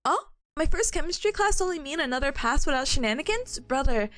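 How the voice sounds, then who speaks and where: A woman's voice: high voice, expressive, quick pace, a bit bright, faint music behind. A young woman streaming and chatting casually with her viewers, bubbly and giggly, with a lot of laughter and playful complaining.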